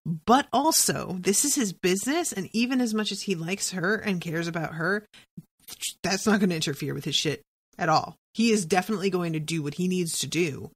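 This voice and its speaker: A woman's voice: on the low side, expressive, normal speed, breathy edge. A woman hosting a podcast, recapping a TV episode in casual, profane chat and thinking aloud with lots of "like"s.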